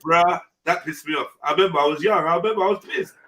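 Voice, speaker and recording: Hosting a live online panel over a video call, a man chats casually in slang, swearing often and laughing. His voice is a little high, fast, bright and forceful.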